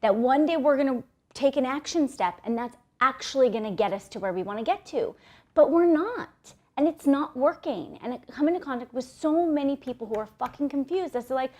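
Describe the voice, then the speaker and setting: A woman's voice: fairly high pitch, animated, normal speed, darkish tone. Blunt, profane woman giving motivational talk. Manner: blunt and profane, often tags "right?". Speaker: motivational speaker.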